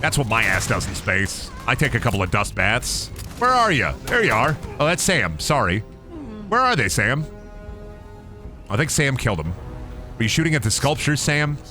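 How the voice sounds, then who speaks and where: A young man chatters over his gameplay in a bright, lively voice, swearing freely and riffing from one joke to the next. His pitch jumps around a lot as he drops into silly voices. Faint music plays underneath. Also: moderate pace. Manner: rambling, profane, jokey, slips into silly put-on voices. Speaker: gaming streamer. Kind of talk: casual gameplay commentary.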